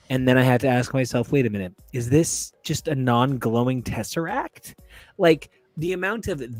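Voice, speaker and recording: A man's voice: on the high side, big pitch swings, moderate pace, no echo, soft background music. A man co-hosting a casual comic book podcast, joking and riffing on asides. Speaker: podcast co-host. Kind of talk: casual chat.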